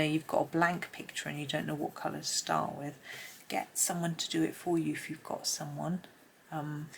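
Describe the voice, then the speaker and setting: A woman giving a casual colouring tutorial at home, chatty and rambling, often dropping into soft asides under her breath. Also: deep voice, creaky, a little hiss or hum. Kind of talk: casual colouring tutorial, talking while drawing. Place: home room with pencils scratching on paper.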